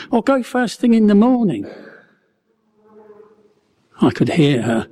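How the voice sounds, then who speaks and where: A preacher with a medium-pitched, breathy-edged voice tells a Bible story as a wry, musing first-person bystander, acting out his own wondering. The recording carries a long hall reverb.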